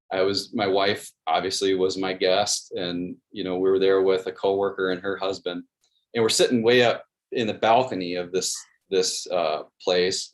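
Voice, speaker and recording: A man in his thirties talks as an interview guest in a lowish voice. He is earnest and friendly and tells stories at an everyday pace. He restarts his sentences often and leans on "you know". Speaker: guest, sports video producer. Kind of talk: casual interview storytelling.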